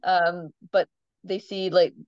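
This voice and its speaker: A woman telling lively stories about her farm animals in a casual interview, laughing often and filling pauses with "um". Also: lowish voice, no echo, highs cut off. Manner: chatty storyteller, laughs often, many ums. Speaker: farm animal owner, guest.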